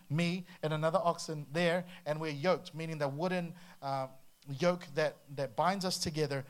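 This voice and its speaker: A man preaching a sermon to a congregation, humorous and animated, breaking into playful voices and sound effects. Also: a little high. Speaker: pastor.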